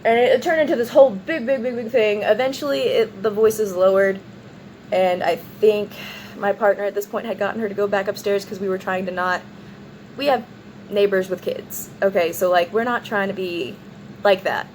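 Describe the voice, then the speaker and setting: A woman in a casual vlog retells a wild night, rambling and animated, with "like" in nearly every sentence as she slips into other people's lines. Her pitch sits in the middle of the range, and faint background noise hums under the recording. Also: moderate pace, low-quality recording. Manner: rambling, animated retelling with many "like"s and acted-out quotes. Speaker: vlogger.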